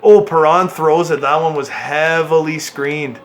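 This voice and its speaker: A man giving excitable play-by-play commentary on a hockey video game he is playing, cheering and groaning at his team. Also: on the high side, unhurried. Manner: excitable play-by-play, yelling at the players. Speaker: gaming channel host.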